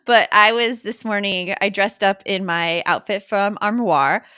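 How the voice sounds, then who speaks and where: Bright, dry-sounding chatty woman host. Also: medium pitch, a little slow, smooth, no room sound. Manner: chatty, laughs often, mimics her kids. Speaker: podcast host. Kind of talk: casual chat.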